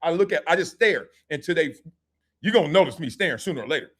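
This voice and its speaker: A middle-aged man hosts a live sports talk stream with a high voice that swoops all over the place. He jokes, uses street slang and acts out scenes as he talks. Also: expressive, fast, a bit bright, breathy edge. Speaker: host.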